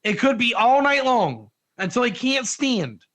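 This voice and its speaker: A man giving an informal Torah class, energetic and joking, putting questions to his listeners in a classroom. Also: very high-pitched, unhurried. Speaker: Torah teacher.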